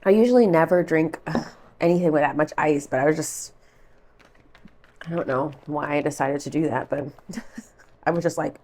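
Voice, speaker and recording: Low-voiced woman chatting through a tarot reading. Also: animated, normal speed. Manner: chatty, rambling, with frequent fillers and asides. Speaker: tarot reader. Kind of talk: casual tarot reading vlog.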